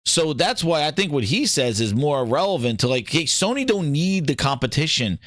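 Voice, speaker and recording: A man hosting a gaming show, talking in casual, opinionated commentary. He swears freely, mocks other people in put-on voices and gets excited as he reads. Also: a little high, moderate pace, no echo, clean studio sound. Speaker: gaming podcast host.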